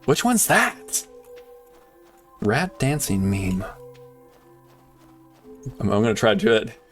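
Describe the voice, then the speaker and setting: Animated male game streamer. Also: fairly low pitch, slow, soft background music. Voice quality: animated, laughs often, jumps between excited shouts and quiet muttering. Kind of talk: casual live-stream chat.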